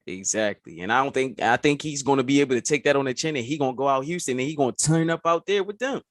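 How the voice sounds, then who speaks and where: A man co-hosting a podcast, chatting casually and excitedly about sports, saying "bro" often. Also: medium pitch, fast, no echo, clean studio sound. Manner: animated, says "bro" often. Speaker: podcast co-host.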